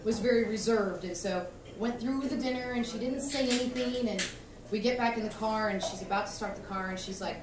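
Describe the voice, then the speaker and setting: A woman's voice: a little high, a little fast, noisy background. Woman comic in an echoey club. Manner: storytelling, animated, self-mocking. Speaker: stand-up comedian. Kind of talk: stand-up comedy set. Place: comedy club stage. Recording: echoey club from far off, crowd.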